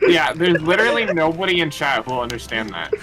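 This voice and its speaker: A man's voice: on the high side, sing-song, fast talker, pushed and bright. A man co-hosting a charity game stream, chatting loosely over a voice call and rambling through fillers and restarts. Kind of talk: casual group chat over a voice call.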